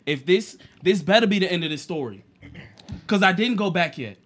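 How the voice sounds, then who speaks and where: A young man, a podcast co-host, telling a casual, profane story and swinging between loud and quiet. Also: high voice, lively intonation, normal speed, crowd noise. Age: young adult.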